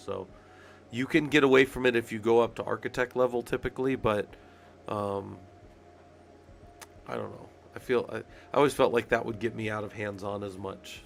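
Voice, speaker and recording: Here the streamer's voice is fairly low and gravelly, with a touch of hiss or hum. Stuffed up from being sick, he chats casually with viewers about job requirements, rambling and swearing.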